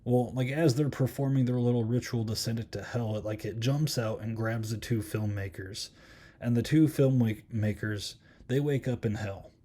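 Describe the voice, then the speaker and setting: A man hosting a podcast in a relaxed, rambling way, full of ums and likes as he talks through a horror movie. His voice is mellow and dark-toned, sitting at an ordinary male pitch. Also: normal speed. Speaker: podcast host. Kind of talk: casual film review chat.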